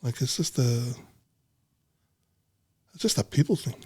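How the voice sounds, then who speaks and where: A man's voice: mid-range voice, animated, unhurried, mellow, husky, dry recording. A middle-aged man talking bluntly in casual chat, swearing freely and rambling. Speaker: podcast guest, businessman.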